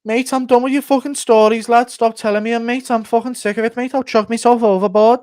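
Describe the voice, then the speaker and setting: A man doing a high, strained, fed-up fighter. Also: steady tone, quick pace, darkish tone. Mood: exasperated. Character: brash, irritable English fighter fed up with his friend.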